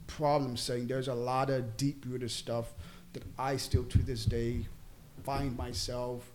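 A man's voice: mid-range voice, level tone, slow pace, a little hiss or hum. A man talking casually on a podcast, reflective and earnest with hesitant restarts. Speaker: podcast host. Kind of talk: casual group chat.

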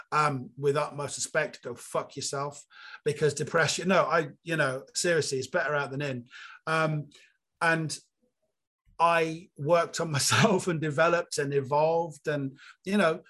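A comedian guest from Cornwall, telling candid, animated anecdotes with self-mocking asides in an interview. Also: male voice, fairly high pitch, breathy edge. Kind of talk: storytelling interview chat.

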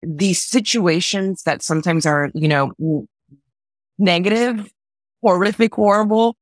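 A woman from Southern California, a conductor, telling a personal story in an interview, earnest and halting, repeating words when moved. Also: fairly low pitch, dry recording. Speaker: guest, orchestra conductor.

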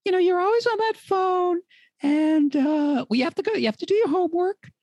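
A fussy, nagging mother, as a woman puts her on, pleading in a high, fluttering voice. This is a comic role-play scene. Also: normal speed, a little mellow, dry recording. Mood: fussing. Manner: pleading, fussing.

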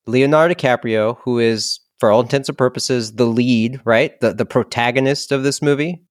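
Man, podcast co-host, animated storyteller, mid pitch, dry close sound. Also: moderate pace, no room sound. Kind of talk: casual comedic chat about movies.

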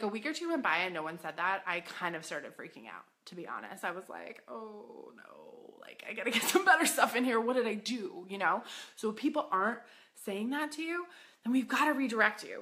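Female host, upbeat retail coach; bright forceful tone, chatty, quick to laugh. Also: medium pitch. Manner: excitable, chatty, laughs often, acts out yelps. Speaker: podcast host and boutique business coach. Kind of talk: energetic coaching talk.

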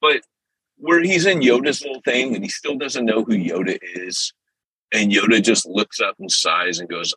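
A man hosting a podcast in casual chat, animated and full of quick impressions. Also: low-pitched, breathy edge, dry recording, low-quality recording. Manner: animated, jumps into impressions and loud exclamations. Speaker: podcast host.

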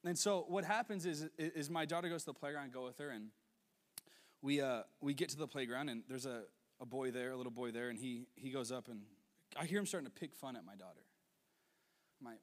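A man in his twenties preaching a sermon as a youth pastor, telling stories with quick asides and laughs. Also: a little high, long reverb tail. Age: 20s.

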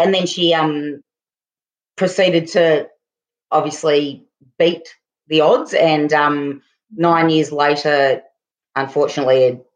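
Woman, middle-aged, casual podcast chat, halting delivery, frequent restarts. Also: low voice. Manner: halting, full of fillers and restarts.

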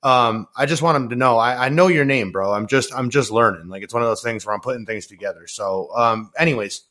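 A man's voice: medium pitch, fairly quick, sharp tone. A young man hosting a casual podcast, full of slang and swearing. He tells stories with laughter and acts out other people's voices as he goes. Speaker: podcast host. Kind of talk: casual chat, animated storytelling.

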